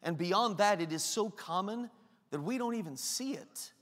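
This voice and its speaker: A man's voice: high-pitched, expressive, moderate pace, a bit bright, in a large hall. A man preaching a sermon as pastor, emphatic and repetitive, full of rhetorical questions.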